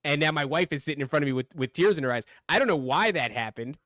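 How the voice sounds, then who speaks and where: A man's voice: fairly high pitch, fast talker, no room sound, studio quality. A man co-hosting a podcast, telling a rambling anecdote in casual chat with some swearing. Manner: rambling, animated retelling with swearing. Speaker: podcast co-host.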